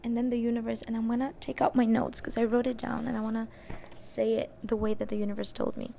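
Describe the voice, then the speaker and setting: A young adult woman hosting a podcast, candidly telling a personal story in a casual, expressive way and cursing now and then. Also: on the high side, fast talker, vocal fry, slight background noise. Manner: candid and expressive, swears and laughs at herself. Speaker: podcast host.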